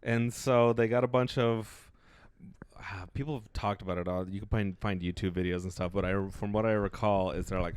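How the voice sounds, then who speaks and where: A man's voice: on the low side, steady tone, moderate pace, smooth, dry recording. A young man co-hosting a comedy podcast, laid-back and teasing, chuckling as he tells a story in casual chat. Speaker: podcast co-host.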